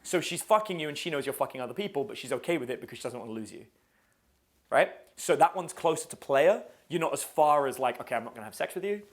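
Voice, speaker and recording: Animated male dating coach. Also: a little high, fast. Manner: casual, swears, quizzes the audience. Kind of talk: live seminar teaching.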